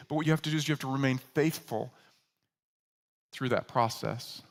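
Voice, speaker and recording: Speaking at normal speed with a creaky voice, a male pastor gives a sermon at a middle pitch, pausing often as a long reverb tail follows his words. He narrates animatedly and takes on the voices of those he quotes, earnest and conversational throughout.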